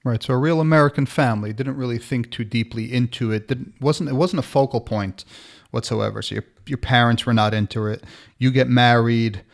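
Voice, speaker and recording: A man's voice: mid-range voice, a little fast, vocal fry. A man in his thirties hosting a podcast, talking casually with many restarts. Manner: conversational, frequent restarts and fillers. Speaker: podcast host. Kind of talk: casual conversational interview.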